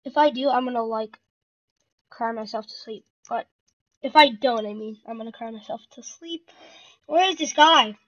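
A gaming channel host giving live commentary on their own match, excitable and talking to themselves while playing. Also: medium pitch, normal speed, no room sound, highs cut off.

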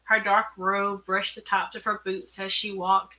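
A woman author reading her own story aloud, measured and careful, at an online event through a computer mic. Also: medium pitch, little pitch movement, bright, forceful tone. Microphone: computer mic on a video call.

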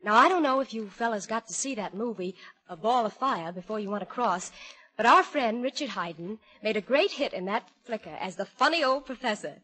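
Brief: female emcee, 1940s radio, chatty, slightly high voice. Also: animated, a little fast, sharp tone, slightly rough, low-quality recording. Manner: breezy, chatty address to troops. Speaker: mistress of ceremonies. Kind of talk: scripted 1940s radio variety hosting.

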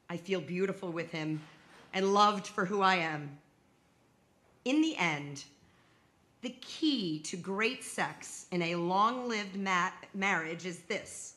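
A woman's voice: medium pitch, bright, forceful tone, slight background noise. A woman in her sixties telling a true personal story on stage, with wry comic timing and emphatic punchlines.

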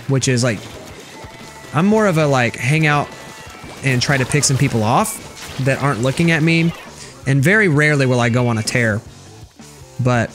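Chatty sarcastic young man streaming games. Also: mid-range voice. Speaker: game streamer. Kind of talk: casual gameplay commentary reading chat.

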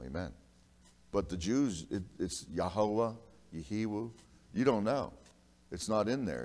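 A man pastor preaching a sermon in a church, emphatic, swinging between loud and hushed and calling out to the congregation for an amen. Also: low voice. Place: church sanctuary. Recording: long reverb of a church hall.

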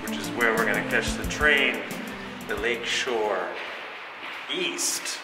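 A man's voice: lowish voice, slow pace, music in the background, low-quality recording. A man casually talking to camera as a travel vlogger at a train station, upbeat and chatty with his viewers. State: out of breath. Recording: outdoor noise, camera mic.

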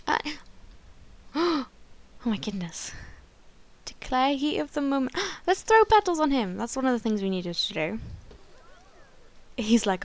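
Excitable woman with a gravelly edge. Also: fairly high pitch, takes it slowly, pauses often. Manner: excitable, gasps and squeals often. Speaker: gaming channel host. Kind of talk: let's play commentary.

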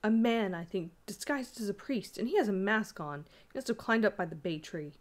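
A gentle young wife, playful and affectionate, from a Victorian ghost story read aloud by a woman. Her lines come lilting and sweet, rising a little above the reader's own register. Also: mid-range voice, animated, fairly quick, lightly acted. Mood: frightened.

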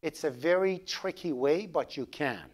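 A man with a Persian accent giving a programming lecture, animated and joking, asking the class questions as he goes. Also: on the high side, measured pace. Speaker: programming instructor.

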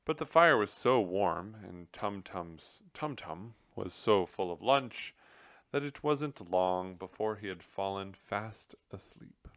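A man reading a children's book aloud as narrator, telling the story gently. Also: fairly low pitch, animated, takes it slowly, no echo, clean studio sound. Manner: gentle storytelling with character voices.

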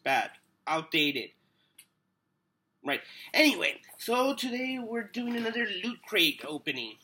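A man talks casually to camera while sick with a cold, with a bright, cutting edge to his voice. He rambles in a loopy way, loses his train of thought and hums to himself between remarks. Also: high voice. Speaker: vlogger. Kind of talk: casual unboxing vlog.

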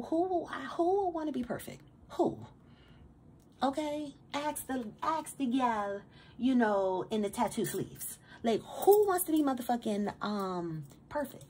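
A woman's voice: medium pitch, a little mellow. Woman doing a tarot reading, swears a lot, hypes folks up, stutters on repeats, medium voice, faint hiss behind. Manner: emphatic, profane and streetwise, with repeated stammered words; preachy motivational pep talk. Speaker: tarot reader. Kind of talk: casual tarot reading to camera.

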